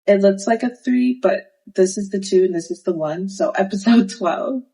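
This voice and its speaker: A woman's voice: mid-range voice, normal speed, breathy edge, poor audio. A young woman giving a sassy, slangy recap of a reality dating show, acting out the cast's lines as she retells them. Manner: sassy, animated, slangy retelling with quoted voices. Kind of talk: casual recap commentary.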